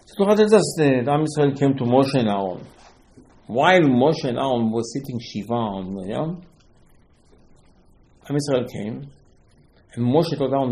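Animated man teaching a Torah lesson. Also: medium pitch, moderate pace, long pauses, rough recording. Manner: storytelling with acted quotes, rhetorical questions, rising emphatic bursts.

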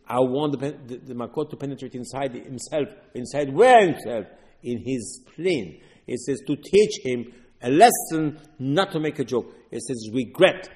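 A man giving a Torah lecture, emphatic, swinging between loud and soft and repeating words. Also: mid-range voice. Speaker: rabbi. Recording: long reverb, slightly husky voice.

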